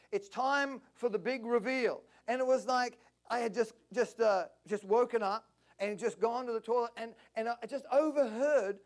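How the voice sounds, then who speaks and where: A man preaching a passionate sermon at a church service, climbing to near-shouts. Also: very high-pitched. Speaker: pastor.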